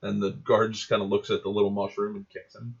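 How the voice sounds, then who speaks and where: A man's voice: lowish voice, little pitch movement, fast talker, vocal fry. A man narrating as game master in a casual, rambling way. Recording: dull lo-fi audio.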